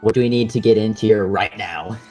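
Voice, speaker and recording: A man's voice: fairly low pitch, brisk, a little mellow, soft background music. A man playing a tabletop game, talking in a brash, blunt way. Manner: brash, swearing. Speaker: player.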